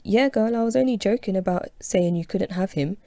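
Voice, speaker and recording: A woman's voice: medium pitch, brisk, warm tone, no echo, studio quality, close to an everyday voice. A woman reading an audiobook aloud, voicing a flamboyant, playful male office friend with a teasing, sassy manner.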